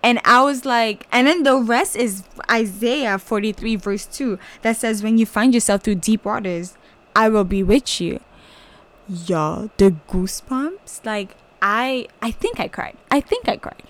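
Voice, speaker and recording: A woman's voice: fairly high pitch, measured pace. A young woman hosting a podcast, telling a personal faith testimony in a gushing, casual way that is full of "like" and "y'all.". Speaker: podcast host.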